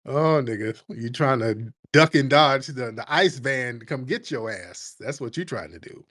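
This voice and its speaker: A man from the United States hosting a comedic rant, with profane, animated, mocking storytelling. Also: medium pitch, measured pace, few pauses. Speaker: host.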